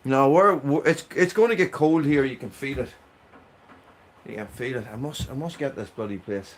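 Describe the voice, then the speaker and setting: A man's voice: mid-range voice, moderate pace, slight background noise. An Irish man chatting casually on a live stream, greeting viewers by name from a small cabin with a wood stove. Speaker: livestream host.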